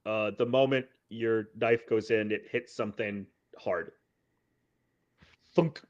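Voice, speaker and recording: A man narrating as game master of a tabletop game, wry and unhurried. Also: on the low side, steady tone. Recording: dull lo-fi audio.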